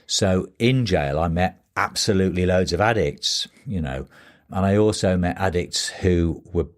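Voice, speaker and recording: A man's voice: low voice, a little slow. A man in his sixties, a playwright guest, telling rambling stories casually in an interview, with restarts. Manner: rambling, restarts, anecdotal with voiced quotes.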